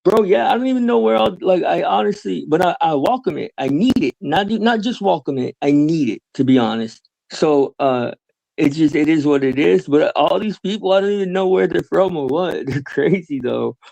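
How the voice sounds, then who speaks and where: A man with a gravelly, fry-laden voice, chatting casually in slang and laughing a lot. His pitch sits a little high for a man. The sound is dry, with no room echo. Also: expressive, moderate pace, warm tone. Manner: laughs often, slangy, says "bro". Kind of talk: casual chat.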